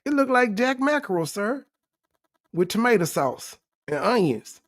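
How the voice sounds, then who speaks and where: A young man with a notably high speaking voice riffs through a reaction video. He jokes, mocks and swears freely in loose, casual commentary. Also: sing-song, a little slow, rough recording. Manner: profane, joking, mocking. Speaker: commentary channel host.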